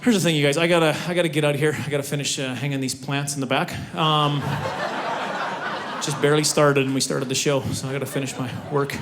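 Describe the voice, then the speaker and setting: A man's voice: fairly high pitch, steady tone, fast, noisy background. A man in his forties doing stand-up comedy on a stage, self-mocking and talking straight to the audience. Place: theater stage before a live audience.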